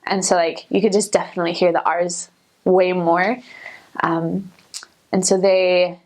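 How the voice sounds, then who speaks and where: A young woman talking casually to camera about her missionary years. She tells her stories in a chatty way, full of filler words, and jumps up in pitch whenever she quotes someone. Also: flat delivery, a little slow, darkish tone. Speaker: returned missionary vlogger.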